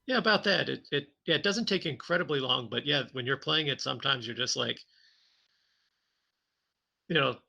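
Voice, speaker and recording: Gravelly husky guy on a podcast, bright edgy voice, laughs a lot while telling game stories. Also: medium pitch. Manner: animated storytelling, laughs often. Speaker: podcast co-host. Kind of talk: casual chat about tabletop games.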